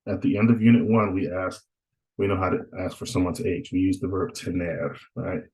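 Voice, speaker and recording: A man's voice: sits low, fairly even intonation, a little fast, darkish tone, rough recording. A man teaching Spanish in a recorded online lecture, talking in a casual, reassuring way, with many "uh"s and frequent "right?" checks. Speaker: Spanish instructor.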